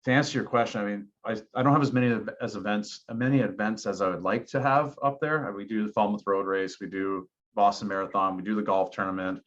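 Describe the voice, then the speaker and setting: A man's voice: fairly low pitch, steady tone, fast talker, hardly any pauses, a bit bright. A man speaking as a podcast guest, telling personal stories in an earnest, reflective way. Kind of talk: casual interview talk. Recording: dull lo-fi podcast audio.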